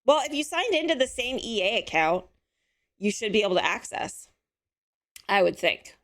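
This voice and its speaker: A woman hosting a casual live stream, chatting with viewers and answering their messages, her voice a little hoarse. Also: a little high, very animated, moderate pace, a bit bright. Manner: chatty, friendly, answers chat messages aloud. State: slightly hoarse.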